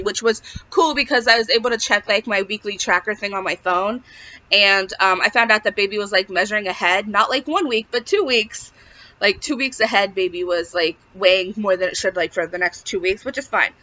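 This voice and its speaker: A woman's voice: medium pitch, fairly quick. A young woman telling a personal story to camera in a casual, chatty way, filling her talk with "like". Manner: chatty, peppered with "like", animated retelling. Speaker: vlogger sharing a pregnancy update. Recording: dull lo-fi audio.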